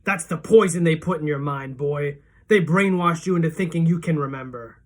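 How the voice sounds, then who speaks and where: A woman's voice: low-pitched, normal speed. A woman reading a cold menacing father. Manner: cold, controlled, soft-spoken menace. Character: menacing father, cold killer, grown man.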